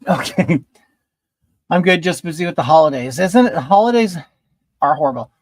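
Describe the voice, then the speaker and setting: Doing his makeup on a relaxed home livestream, this host chats, reads out comments from viewers and says hello to them by name. He speaks at a moderate pace with a fairly high, expressive voice, and there's no room sound.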